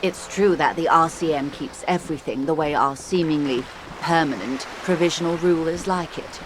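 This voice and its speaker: A woman's voice: low voice, moderate pace, natural voice. An actress voicing an erudite woman in a video game who lectures a detective in an eloquent, wry manner, in game audio with background noise.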